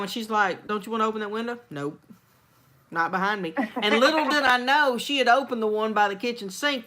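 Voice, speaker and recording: A woman from Texas, chatting casually as a host and acting out quotes in a lively, storytelling way. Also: mid-range voice. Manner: animated storyteller, acts out quotes. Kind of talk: casual chat.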